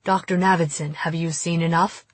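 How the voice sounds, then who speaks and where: A woman voicing a calm, grave Catholic priest who speaks in measured tones. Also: lowish voice, no echo, natural voice.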